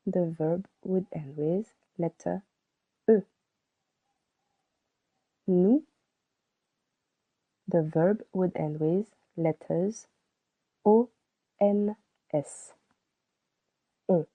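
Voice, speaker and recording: A woman giving a scripted language lesson, speaking slowly and deliberately and repeating each word for learners to copy. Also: on the low side, breathy edge, dry recording. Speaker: French teacher. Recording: dry, tinny phone-like sound.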